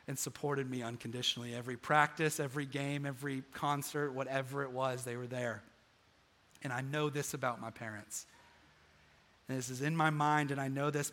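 A young man preaching from a stage, his voice bright and ringing with a slightly high pitch. He tells a personal story in earnest, repeating phrases, then swells into emphatic peaks. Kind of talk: sermon. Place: stage in front of a live congregation.

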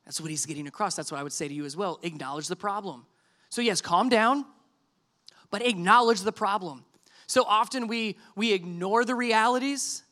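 A middle-aged man preaching a sermon, conversational and animated, acting out quoted dialogue. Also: sits high. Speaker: pastor.

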